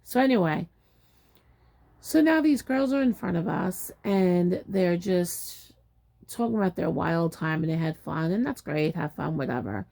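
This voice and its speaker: A woman's voice: fairly low pitch, expressive, a little slow, vocal fry, dark tone. A woman casually telling a personal story in a chatty, exasperated way, acting out what people said. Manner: chatty, exasperated retelling with acted-out quotes.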